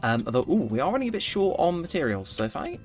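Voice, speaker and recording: A man with a slightly high, sing-song voice talks fast while playing a game, rambling and correcting himself in casual commentary. He's a gaming YouTuber, and there's faint music behind him.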